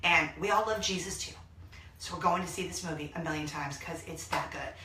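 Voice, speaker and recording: A woman in her thirties hosting a casual vlog from a small laundry room, talking excitedly and gushing to her viewers. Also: deep voice, brisk, slight background noise. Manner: gushing, excitable, bursts into song. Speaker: vlog host. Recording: echoey small room, mic at a distance.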